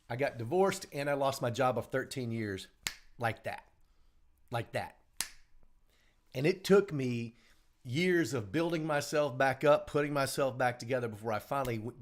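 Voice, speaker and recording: Emphatic middle-aged man giving a pep talk. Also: fairly high pitch. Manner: earnest, emphatic, repeats key lines. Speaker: show host. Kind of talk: live motivational talk. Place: small home studio.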